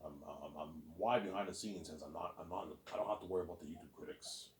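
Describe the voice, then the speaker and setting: A man's voice: low-pitched, fast, roomy sound. A man hosting his own listening series, rambling in a casual, boastful monologue and often repeating words as he restarts.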